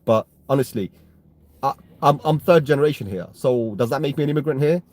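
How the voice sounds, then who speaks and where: A man's voice: medium pitch, brisk, darkish tone. A British man hosting a crypto live stream, talking casually to his chat in a rambling way, often tagging "right?" and getting heated. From United Kingdom. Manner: rambling, repeats "right?" and restarts, gets heated. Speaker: crypto livestream host.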